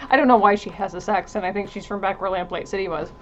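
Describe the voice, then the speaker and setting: A woman's voice: mid-range voice, fast talker, few pauses, dull audio, faint music behind. A woman streamer giving casual let's-play commentary, chatting and reading on-screen text aloud. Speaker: video game streamer.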